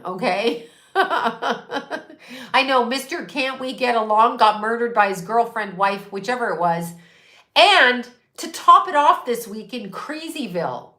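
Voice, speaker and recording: A woman in her fifties talks at an unhurried, drawn-out pace in a bright, forward voice. She rambles irreverently, swearing freely and laughing at her own asides. The sound bounces around an echoey room. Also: on the high side. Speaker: host. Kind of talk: casual rambling monologue.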